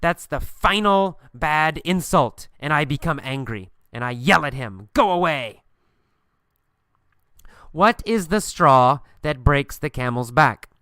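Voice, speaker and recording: Guy teaching english thru a story, asks and answers his own questions, kinda high smooth voice. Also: lively intonation, measured pace, hardly any pauses, sharp tone, dry recording, clean studio sound.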